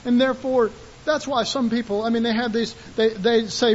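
High-voiced man preaching a sermon, lo-fi hiss. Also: moderate pace. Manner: animated, acts out voices of God and listeners. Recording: dull, hissy lo-fi recording.

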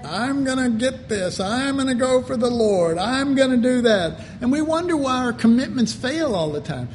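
A man preaching a sermon, slow and deliberate, with animated asides. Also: very high voice, slight background noise. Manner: slow, deliberate delivery with animated mock voices and laughter.

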